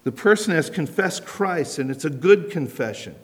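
An American man preaching a sermon in an animated, conversational way, asking rhetorical questions. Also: on the high side, moderate pace. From United States. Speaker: pastor. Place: church sanctuary. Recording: long hall reverb.

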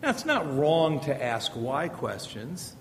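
With big pitch swings and a slow pace, a middle-aged man leads a casual teaching session on Bible-based parenting. He speaks conversationally, repeating rhetorical questions, inside a reverberant hall where a faint rumble can be heard.

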